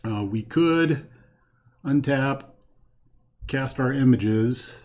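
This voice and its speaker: A man plays through a card game on his own and talks every move out loud as he goes. He counts cards one by one and weighs his choices as he thinks aloud. His pitch sits in the middle range for a man. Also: very slow. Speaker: host playing a card game. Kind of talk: casual solo card game playthrough commentary. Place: home setup with a green screen.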